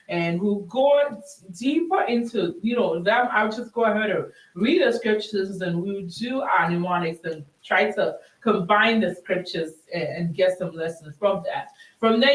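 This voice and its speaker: Woman, show host, chatty scripture teaching, frequent laughter, roomy echo, set back from the mic. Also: medium pitch. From Ghana. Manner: chatty, laughs often, reads verses slowly with emphasis. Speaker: host of a Christian women's show. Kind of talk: teaching on scripture for a live audience. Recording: roomy sound from a distant mic.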